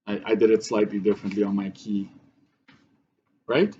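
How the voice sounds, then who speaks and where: Male teacher, mid pitch, walks students through steps, slightly dull lo-fi recording with faint background noise. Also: flat delivery, normal speed, warm tone. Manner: talks through steps, frequent "right?" checks. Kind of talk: math lesson walkthrough.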